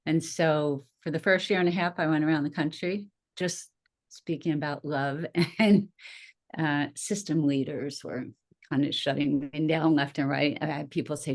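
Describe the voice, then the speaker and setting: A middle-aged woman with a low-pitched voice tells her story as a podcast guest. She talks in a chatty, lively way, laughing often and acting out her own past reactions. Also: moderate pace. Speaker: podcast guest, nurse and minister. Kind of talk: casual interview storytelling.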